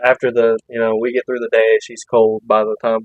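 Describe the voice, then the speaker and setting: A man's voice: medium pitch, monotone, brisk, dry recording, lo-fi sound. A man co-hosting a hunting podcast, telling a long story in a casual, rambling way with restarts and laughs. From Missouri. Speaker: podcast co-host.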